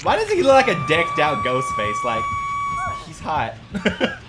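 A woman playing a horror game with a friend, often shrieking, yelling and cackling in playful, teasing banter. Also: on the low side, huge pitch swings, unhurried. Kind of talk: screaming let's-play banter. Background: game music.

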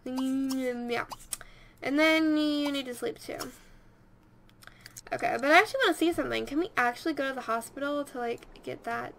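A woman's voice: high voice, gravelly, fairly bright tone, a little hiss or hum. A young woman giving rambling, casual commentary over her video game and talking to her characters. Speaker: let's play host.

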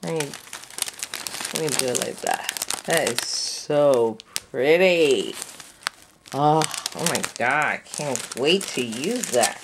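A woman vlogger gushing with excitement as she unboxes a craft kit, gasping and cooing over each item, sounding a little sleepy. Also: a bass voice, slow pace, noisy background. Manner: effusive, breathy gasps and squeals of delight.

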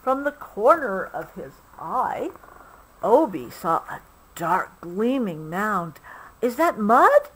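A mother reading a picture book aloud to her child at home, expressive and stopping now and then to explain. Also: mid-range voice, slow pace, slight background noise, rough recording. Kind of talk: storybook read-aloud.

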